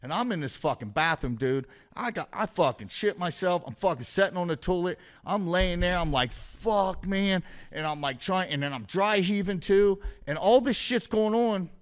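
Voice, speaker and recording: A man's voice: high voice, animated, normal speed, hardly any pauses. A man, a podcast guest, telling a story in a casual, rambling way with constant swearing and a vivid play-by-play.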